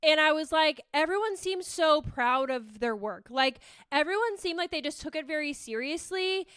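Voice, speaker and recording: A high-pitched young woman hosts her podcast in a bubbly, rambling way, swearing casually and restarting her sentences. Her voice is bright and forward. She is recorded close on a dry microphone with no room sound. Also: animated, normal speed, dry recording. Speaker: podcast host. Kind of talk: casual solo podcast chat. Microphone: close podcast mic.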